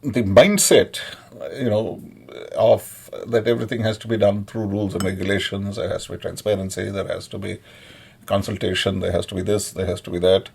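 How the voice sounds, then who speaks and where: Man, gravelly, husky, sardonic, rambling with fillers. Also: fairly low pitch, fairly even intonation, darkish tone. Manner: sardonic, mocking, mimics others in Hindi; halting, many fillers. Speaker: commentator. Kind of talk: casual monologue.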